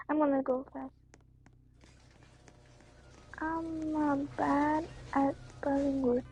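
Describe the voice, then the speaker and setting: High-pitched chatty girl gaming, lo-fi. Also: slow, pauses often, dry recording, faint music behind. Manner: chatty, rambling, drops into whispers, sudden excited outbursts. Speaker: gameplay streamer. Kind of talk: casual gameplay commentary. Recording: dull lo-fi dry recording.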